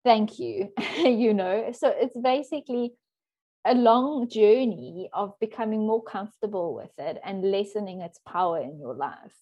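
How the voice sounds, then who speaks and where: Mellow-voiced woman coach. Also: medium pitch, expressive, moderate pace. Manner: thoughtful, with soft laughs and restarts. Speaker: coach for introverted women. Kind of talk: interview guest.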